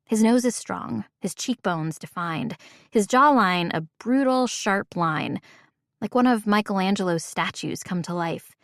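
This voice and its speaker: A woman's voice: medium pitch, expressive, a little slow, no echo, studio quality. Woman narrating a first-person audiobook.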